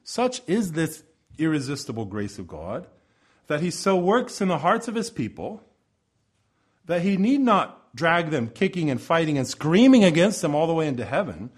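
A male pastor preaching a sermon in a church over the sound system, impassioned, swinging between loud pleading and soft low asides. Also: breathy edge. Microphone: church sound system microphone.

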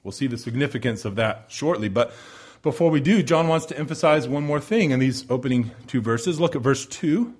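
A man preaching a sermon, building emphatic repeated phrases and dropping to hushed low endings. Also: animated, fairly quick, breathy edge. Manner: repetitive rhetorical build-ups.

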